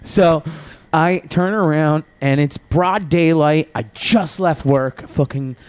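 A man's voice: on the high side, slow pace, smooth, no room sound. A man guest on a podcast, telling a long story in a profane, rambling way and laughing as he goes.

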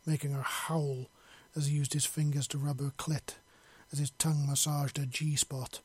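On the high side and husky, the man reads his long fantasy story at a normal speed with flat delivery. He trips up and corrects himself as he goes, in an unpolished reading of his own work. The recording is dry.

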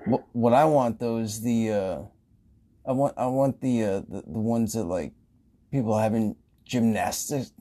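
A man's voice: lowish voice, a little slow, warm tone. A man who works in a grocery store, telling casual stories in a rambling way, swearing and laughing often. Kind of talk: casual storytelling.

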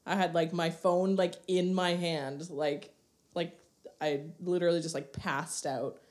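A woman's voice: on the low side, level tone, unhurried, a little mellow. A woman co-hosting a casual podcast, laid-back and dry. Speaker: podcast co-host. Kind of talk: casual chat.

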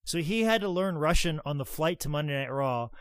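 A man in casual podcast chat, telling stories with lots of swearing and acted-out quotes, his voice swinging from loud to soft. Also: on the high side, expressive, a little fast, no echo, studio quality. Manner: swears a lot, acts out quotes. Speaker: podcast co-host, former wrestler.

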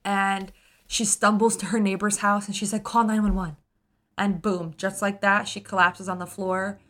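Woman co-host, bright forceful voice, animated casual storyteller. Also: mid-range voice, normal speed. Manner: animated retelling, acts out characters, gets emotional. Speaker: podcast co-host. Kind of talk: casual book discussion.

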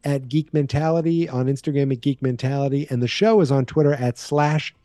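A man's voice: medium pitch, fast, warm tone, no echo, studio quality, faint music behind. A man with a Boston accent hosting a solo podcast in a rambling, playful, self-deprecating way. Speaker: podcast host. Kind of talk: casual solo podcast chat.

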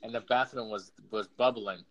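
A man's voice: fairly low pitch, steady tone, normal speed, lo-fi sound, heavy background noise. A man in casual chat who stumbles and repeats words while telling stories, laughing along. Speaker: gaming friend.

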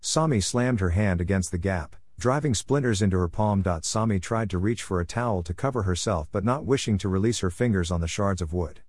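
A man reading a scripted story aloud in a measured, even way. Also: deep voice, no room sound.

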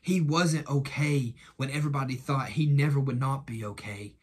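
A man preaching an earnest devotional in a husky, slightly breathy voice at a middling pitch. He builds his points through long runs of repeated phrases. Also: moderate pace. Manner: earnest, repetitive preaching cadence. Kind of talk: devotional talk.

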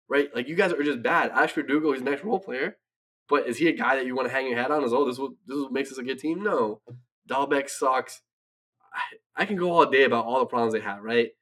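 Medium-pitched and a bit bright, a man co-hosts a sports podcast with casual, brash ranting. He curses freely and often checks in with a "right?"

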